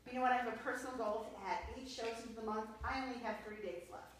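A woman's voice: fairly high pitch, steady tone, fast talker, slight background noise. A woman training a sales team in front of a group, upbeat and coaching, checking in with "okay?" as she goes. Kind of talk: sales training talk with role-play. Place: meeting room with an audience. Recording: echoey room, mic far off.

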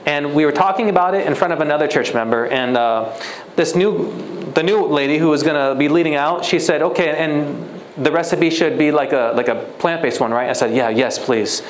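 A man's voice: on the high side, brisk, echoey room, slight background noise, low-quality recording. A young man, a guest speaker at a church retreat, telling a personal story in a conversational way and acting out the dialogue. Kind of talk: sermon storytelling.

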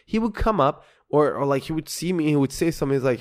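A man's voice: on the high side, big pitch swings, quick pace, darkish tone. A man co-hosting a podcast, telling a long story in casual chat, swearing constantly and acting out both sides of an argument. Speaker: podcast co-host.

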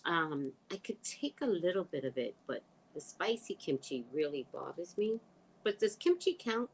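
A woman's voice: lowish voice, big pitch swings, normal speed, breathy edge, low-quality recording. A woman hosting a casual livestream, reading viewer comments aloud and reacting in a chatty way, sometimes dropping to a whisper. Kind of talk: casual live chat.

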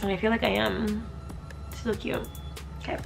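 A young woman talking casually in a vlog, chatty and profane, thinking out loud. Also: mid-range voice, level tone, normal speed, vocal fry, faint music behind. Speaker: vlogger.

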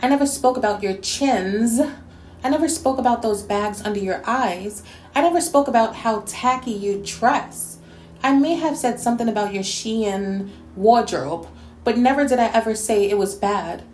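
Sharp-tongued woman in an echoey room. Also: fairly high pitch, moderate pace, slight background noise. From New York City. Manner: sassy, cutting, scolding. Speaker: YouTube commentator. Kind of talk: response video rant.

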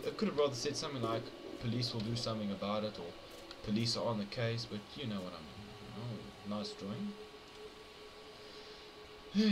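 Young male gamer, lowish pitch, jokey commentary that turns to yelps and mutters; noisy home recording. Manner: jokey, jumpy, talks to viewers, swings between mutters and yelps. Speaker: gameplay commentator. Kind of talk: horror game commentary.

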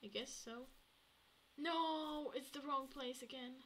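A woman streaming a game, chatting to herself and swinging between hushed murmurs and excited outbursts. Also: sits high, takes it slowly. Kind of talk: casual gameplay commentary.

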